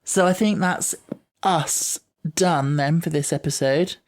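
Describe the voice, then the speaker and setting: A man hosting a podcast in casual chat, chatty and quick to explain himself, often doubting his own choices. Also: on the high side. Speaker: podcast host.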